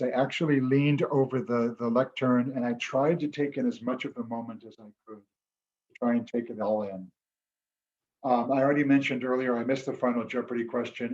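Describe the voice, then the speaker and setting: Man, middle pitch, earnest and reflective storytelling, video call, slightly muffled sound. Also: a little mellow. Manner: earnest, reflective, occasionally emotional. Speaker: guest speaker, former quiz show champion. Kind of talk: storytelling talk at an online club meeting.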